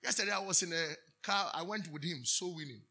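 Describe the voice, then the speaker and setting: A man's voice: sits high, lively intonation, brisk, pushed and bright, breathy edge. A Ghanaian man preaching a sermon, preaching emphatically, drawing answers from the congregation with questions and switching between English and Twi. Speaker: pastor.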